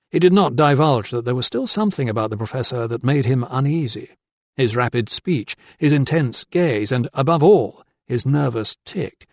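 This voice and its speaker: A man reads an audiobook in a steady, deliberate storytelling manner. His voice has a gravelly grain, and the recording is dry and close. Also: mid-range voice, no echo. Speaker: audiobook narrator. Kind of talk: scripted narration.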